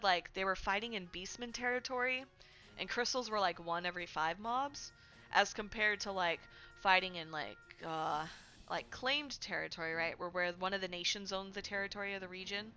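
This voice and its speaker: A woman's voice: mid-range voice, sharp tone. A woman hosting a casual game news livestream from home, chatty, with lots of "like" and "right?". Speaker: livestream host. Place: home streaming setup.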